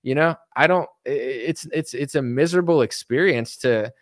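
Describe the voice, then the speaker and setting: A man's voice: medium pitch, moderate pace, dry recording, studio quality. A man in his thirties, a political commentator, ranting in a casual, exasperated monologue. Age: 30s. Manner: exasperated ranting, mocking others in put-on voices.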